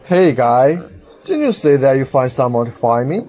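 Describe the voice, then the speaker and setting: An actor dubbing an arrogant husband who turns to stammering and groveling. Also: male voice, medium pitch, sing-song, moderate pace, mellow, lightly acted. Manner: boastful, then stammering and groveling. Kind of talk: English drama dub.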